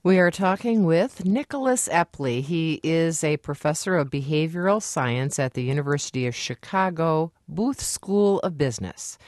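Woman radio host, very low voice, dry close studio sound, measured delivery. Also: no room sound. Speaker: radio talk show host. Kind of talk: public radio interview.

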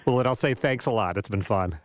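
A man's voice: on the low side, brisk, no room sound. A man hosting a radio interview, asking questions in a conversational, musing way with hesitant restarts.

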